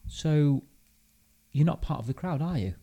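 A man's voice: a little high, animated, measured pace, creaky, mellow. British man casually telling a story. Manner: storytelling, thinking aloud with restarts. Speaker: podcast host. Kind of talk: casual chat.

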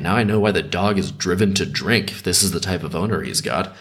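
A male host reading a dark folk tale aloud, breaking in with sarcastic, chuckling commentary. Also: fairly low pitch. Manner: sarcastic asides, frequent chuckles. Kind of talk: story reading with comedic commentary.

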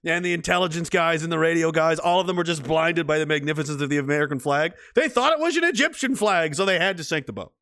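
A middle-aged man with a somewhat high voice talks into a close microphone in a dry, dead-sounding room. He hosts a casual livestream and rambles loosely, swears freely and often breaks into laughter. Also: fast talker, pushed and bright, no room sound. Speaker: livestream host reading chat.

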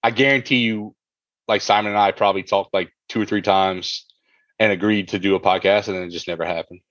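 A man co-hosting a casual podcast, rambling and restarting his sentences. His voice sits on the low side. The sound is dry and a little dull and lo-fi. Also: steady tone, a little fast, fairly bright tone, dry recording. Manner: rambling, full of fillers and restarts. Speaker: podcast co-host.

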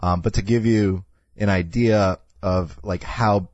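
A man co-hosting a podcast, chatting casually and laughing as he talks through a fantasy book series with halting restarts. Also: lowish voice, steady tone, darkish tone, no room sound, dull audio. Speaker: podcast co-host. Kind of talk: casual chat.

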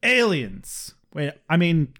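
A man's voice: fairly high pitch, sing-song, slow, a bit bright. Laughing, joking man co-host. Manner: joking, laughs often, acts out quotes. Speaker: podcast co-host. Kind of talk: casual recap chat.

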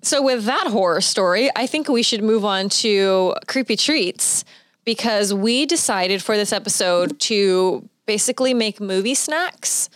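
A woman's voice: medium pitch, lively intonation, a little slow, clean tone, no echo, studio quality. A young woman co-hosting a casual chat, giggly and steering the talk along. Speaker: co-host.

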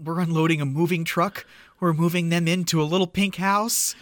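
A woman's voice: lowish voice, fairly quick, no room sound. A woman co-hosting a podcast, recapping a movie in casual chat and acting out the scenes with lots of energy. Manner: animated, acting out scenes with giggles. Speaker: podcast co-host.

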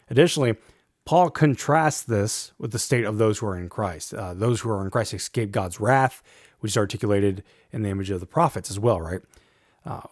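A man giving a measured lecture on a Bible passage, reading verses aloud and adding an um or a "right?" now and then. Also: fairly low pitch, dry recording, studio quality. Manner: measured, reads quotes aloud, fillers like um and right. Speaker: Bible teacher.

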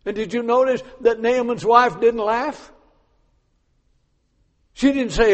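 A man preaching a sermon in a church, swinging between forceful declarations and hushed asides. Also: sits high, moderate pace, in a large hall, dull audio.

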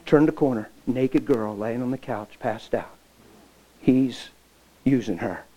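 Slow and warm, a middle-aged pastor's mid-range voice comes through lo-fi sound as he shares a personal story from the pulpit. He speaks emotionally, plays out the dialogue himself, and frequently drops almost to a whisper.

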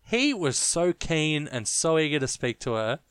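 A man's voice: a little high, very animated, measured pace, fairly bright tone, clear, resonant tone, no echo. A man co-hosting a casual film review podcast, blunt and mocking, swearing freely. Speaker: podcast co-host.

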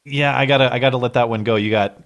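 A man's voice: medium pitch, fairly even intonation, fast, dull audio. A young man co-hosting a call-in show, thanking callers and cueing them in with easy, casual chat. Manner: easygoing, thanks and cues callers. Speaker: co-host taking callers.

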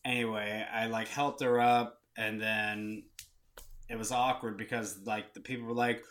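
A man's voice: on the low side, little pitch movement, a little slow, a bit bright. A young man co-hosting a podcast, rambling through a story in casual chat and acting out the voices of the people in it. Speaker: podcast co-host.

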